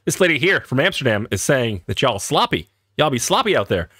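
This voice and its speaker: Animated American guy reacting on camera. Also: mid-range voice, a little fast, slightly rough, no echo, clean studio sound. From Boston, US. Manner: animated, chatty, many fillers. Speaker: reaction video host. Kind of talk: casual reaction commentary.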